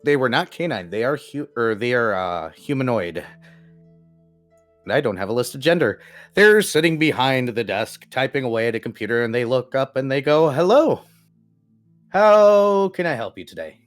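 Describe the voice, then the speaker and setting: Game master, male, casual and joking, mid-pitched, faint music bed. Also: lively intonation, normal speed, fairly bright tone. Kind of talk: narrating a tabletop game.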